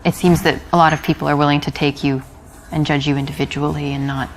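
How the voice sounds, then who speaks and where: An actress playing a dry, unimpressed young American woman on a date in a game, answering in a deadpan, curt way. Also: deep voice, quick pace, slight background noise, low-quality recording. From United States.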